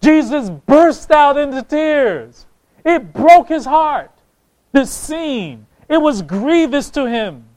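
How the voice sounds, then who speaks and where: A man's voice: very high voice, very animated, takes it slowly, a little mellow, poor audio. A man preaching a sermon, impassioned, reading scripture aloud and repeating phrases for emphasis.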